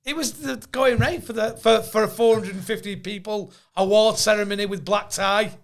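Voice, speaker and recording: A man's voice: high-pitched, moderate pace, gravelly. A man telling comic stories on a podcast, laughing often and doing voices for the people in them. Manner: animated anecdote-telling, laughs often, mimics voices in quotes. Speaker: podcast co-host, comedian. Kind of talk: casual storytelling chat.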